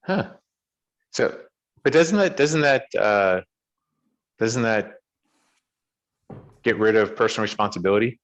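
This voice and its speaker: A man's voice: on the low side, a little slow, long pauses. A man co-hosting a podcast over a video call, questioning ideas and often restarting his sentences. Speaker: podcast co-host.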